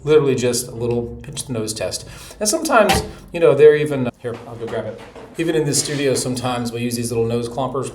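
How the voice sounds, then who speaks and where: A middle-aged man teaching a relaxed, chatty voice lesson, breaking into short sung demonstrations. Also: medium pitch, fairly quick, soft background music. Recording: echoey room with faint noise.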